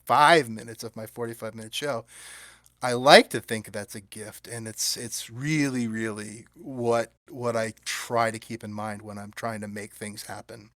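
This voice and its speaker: Man telling lively stories in a dry close sound. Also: mid-range voice, dry recording. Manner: animated, acts out quoted voices. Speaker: guest puppeteer. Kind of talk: casual interview storytelling.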